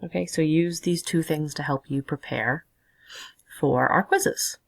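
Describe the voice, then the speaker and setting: Very low, gravelly woman teaching. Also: unhurried, low-quality recording. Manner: patient, explanatory, talks while drawing. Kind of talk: recorded classroom lesson.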